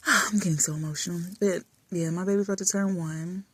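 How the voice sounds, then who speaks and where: A woman vlogger chatting casually and affectionately while lying in bed in a dark room, often dropping to soft murmurs. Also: lowish voice, steady tone, normal speed, husky, no room sound. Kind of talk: casual chat.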